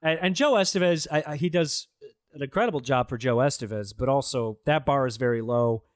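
A man with a mid-range voice talks briskly on a podcast, roasting a terrible film with swearing, sarcasm, and mocking impressions. The sound is dry and studio-clean.

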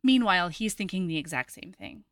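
A woman's voice: on the low side, brisk, no echo, studio quality. A woman co-hosting a podcast, retelling a romance novel in casual chat and acting out the characters' lines. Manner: animated storyteller, acting out quotes. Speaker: podcast co-host. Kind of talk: casual book recap chat.

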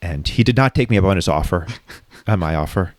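Low-voiced man, candid and raw. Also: expressive, a little fast, dry recording. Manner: raw, reflective, frequently profane. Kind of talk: candid personal storytelling in conversation.

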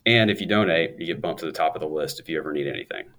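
A man's voice: a bass voice, rapid-fire, fairly bright tone. A man in his thirties, a guest on an interview show, telling his story in an upbeat, chatty way with a laugh now and then. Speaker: guest, law firm owner.

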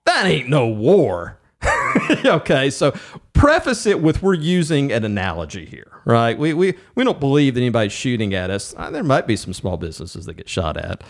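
A man co-hosting a business podcast, chatting casually in a joking, animated way. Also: medium pitch, moderate pace, creaky. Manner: animated, jokey, with filler restarts. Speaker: podcast co-host. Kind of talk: casual chat.

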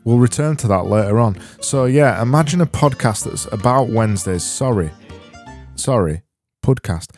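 A man hosting a solo comedy podcast, rambling in a deadpan, self-deprecating way with frequent restarts. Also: mid-range voice, fairly quick, hardly any pauses, soft background music. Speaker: podcast host.

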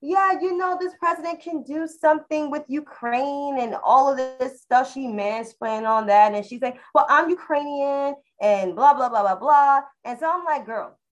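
A woman co-host vents her frustration at length, swearing and repeating herself as she builds up steam. Her voice sits a little high, and she speaks. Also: moderate pace, few pauses, low-quality recording. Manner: heated, swearing, exasperated ranting. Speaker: podcast co-host. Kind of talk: casual panel chat.

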